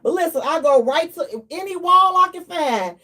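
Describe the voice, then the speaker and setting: High-pitched animated woman radio host. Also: moderate pace. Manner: animated, playful, slips into mock prayer and acted quotes. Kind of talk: comic storytelling on a radio talk show.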